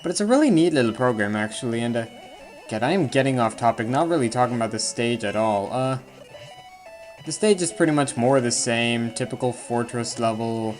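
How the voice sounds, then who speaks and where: A man's voice: medium pitch, lively intonation, fairly quick. Rambling man commentating a video game. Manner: rambling, self-deprecating, jokey asides. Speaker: let's play commentator. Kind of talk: casual gameplay commentary. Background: faint game music.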